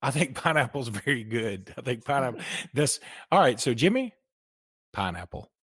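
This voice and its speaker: A man's voice: medium pitch, expressive, normal speed, a bit bright, breathy edge, dry recording. A man with a Southern US accent hosting a sports podcast, chatting casually and cracking dry jokes. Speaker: podcast host.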